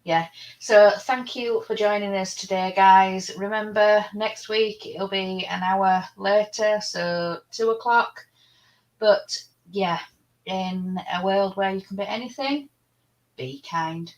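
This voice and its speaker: A woman co-hosting a casual livestream from a home webcam setup, speaking slowly in an even, mid-range voice. She mostly answers in short agreeing replies and closes the show in a calm, unhurried way. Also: mid-range voice, poor audio. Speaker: co-host.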